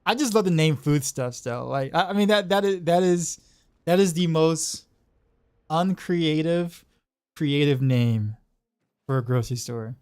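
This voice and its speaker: A man's voice: on the high side, measured pace, a little mellow, clean tone. A man chatting casually while streaming a game. He laughs often and repeats himself. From Southeastern United States. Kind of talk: casual chat while gaming.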